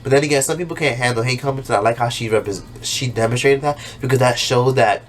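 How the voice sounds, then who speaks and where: A man's voice: mid-range voice, quick pace. A man talking casually as a YouTuber, recapping a TV episode with plenty of swearing and jumping into exaggerated voices for the characters. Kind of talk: casual, profane recap monologue.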